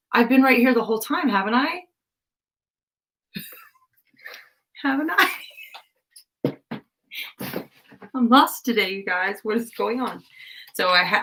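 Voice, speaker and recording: A woman's voice: medium pitch, a bit bright, a little hiss or hum. A young woman chatting casually through a live craft stream, scatterbrained and self-deprecating, laughing often at herself. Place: home craft room.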